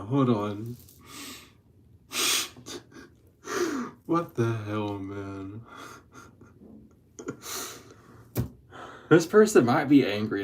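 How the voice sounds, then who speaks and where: Chatty, profane man giving a tarot reading. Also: a little hiss or hum. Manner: chatty, slangy and profane, laughing often; drifts between loud excited bursts and low mutters. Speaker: tarot reader. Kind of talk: casual spiritual tarot reading.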